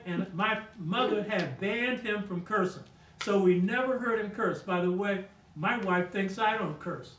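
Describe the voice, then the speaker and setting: A man's voice: high-pitched, unhurried, a bit bright, echoey room, far from the mic, slight background noise, rough recording. An older man on a talk show telling family stories in a casual, emphatic way, often asking "you know what I mean?". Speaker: guest speaker on a talk show. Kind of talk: casual storytelling conversation.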